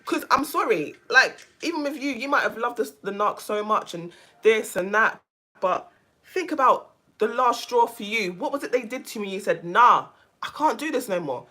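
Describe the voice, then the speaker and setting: A woman vlogger talking casually to her viewers, animated and emphatic, often repeating phrases for stress. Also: on the high side, normal speed. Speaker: vlogger, self-care coach. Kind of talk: casual chat to camera.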